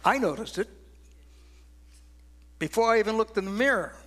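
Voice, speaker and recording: Older male preacher, high bright voice. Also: lively intonation, normal speed. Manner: dramatic swings from loud declaiming to hushed near-whispers. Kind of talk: sermon.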